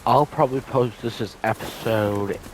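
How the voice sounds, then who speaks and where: A young man hosting casual let's-play commentary. He is chatty and easily excited, and has the hiccups. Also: medium pitch, normal speed, slight background noise. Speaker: gaming video host. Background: game ambience and horse hooves.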